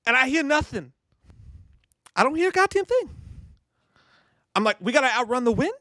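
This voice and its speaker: A man's voice: very high voice, very animated, moderate pace, pushed and bright, no room sound, clean studio sound, voice pushed up, full character voice. A man doing a comedic impression of a ranting, swaggering middle-aged celebrity with a Boston accent, full of profane repetition.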